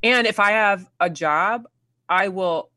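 A woman's voice: medium pitch, slow, bright, forceful tone, no room sound. A woman in casual conversation, hesitant, with many fillers and restarts. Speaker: guest, theater artist and writer.

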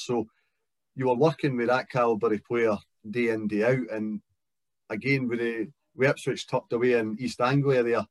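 A man's voice: mid-range voice, no echo. A Scottish man in his thirties, a guest footballer talking in a casual chat, reflective and careful with many fillers. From Scotland.

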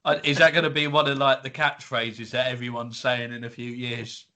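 A man's voice: mid-range voice, flat delivery, normal speed, pushed and bright. A man co-hosting a casual comedy podcast, joking and acting out quotes as he tells anecdotes. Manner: jokey, acts out quoted voices. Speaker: podcast co-host.

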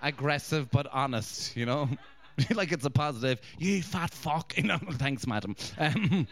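A man's voice: medium pitch, moderate pace. A man doing stand-up crowd work, crude and mocking as he banters with the audience. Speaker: stand-up comedian.

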